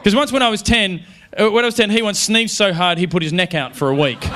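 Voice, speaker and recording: A man's voice: sits high, quick pace. Self-mocking comedian man, noisy live room. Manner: self-mocking, animated storytelling with frequent restarts. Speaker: stand-up comedian. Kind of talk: stand-up comedy routine. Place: comedy venue stage before a live audience.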